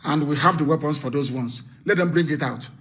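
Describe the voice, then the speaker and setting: A man hosting a live call-in, his voice pitched high and bright. He speaks in a fiery, rousing way, scornful at times and rising into shouts. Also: a little fast. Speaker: host of a live call-in broadcast.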